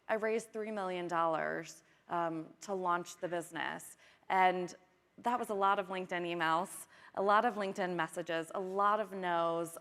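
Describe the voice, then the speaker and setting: A woman's voice: mid-range voice, fairly bright tone. A woman who founded a company, speaking earnestly on a stage panel. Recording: live stage, long hall reverb.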